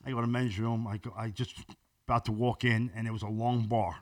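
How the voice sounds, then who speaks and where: A man's voice: lowish voice, level tone, fast talker, no echo, studio quality. A man who is a podcast guest, telling stories in casual chat in a blunt, profane way.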